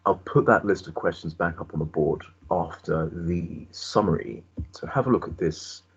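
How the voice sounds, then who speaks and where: Male teacher, very deep voice, dull lo-fi recording, explanatory classroom delivery. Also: normal speed, slightly rough. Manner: explanatory, asks the class questions.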